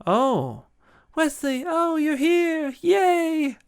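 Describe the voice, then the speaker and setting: A man voicing a gushing young princess in a high, breathless falsetto. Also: big pitch swings, extremely slow, dry recording, studio quality, heavily acted. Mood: giddy.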